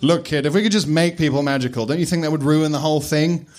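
A man's voice: fairly high pitch, quick pace, darkish tone, lightly acted. A man doing a crude, laid-back old headmaster wizard. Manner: laid-back, swearing, chuckling.

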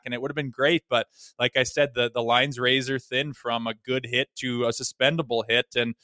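Blunt bright-voiced hockey man. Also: mid-range voice, clear, resonant tone, dry recording, clean studio sound. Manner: blunt, folksy, animated hockey analysis. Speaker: co-host, former player. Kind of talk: casual sports talk.

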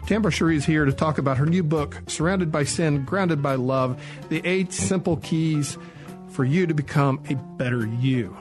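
A man's voice: a little high, moderate pace, music in the background. A middle-aged man hosting a radio talk show, chatting casually and telling self-deprecating jokes. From Tennessee. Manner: joking, self-deprecating storyteller.

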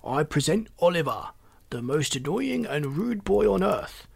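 Guy putting on a pompous courtier, slow grand announcing, high voice. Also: sing-song, gravelly, slightly rough, no room sound, heavily acted. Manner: slow, formal, theatrical.

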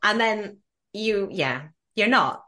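A woman hosting a podcast interview, talking earnestly and reflectively and growing animated when she quotes others. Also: mid-range voice, slow pace, a crowd in the background. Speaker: podcast host. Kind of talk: conversational interview.

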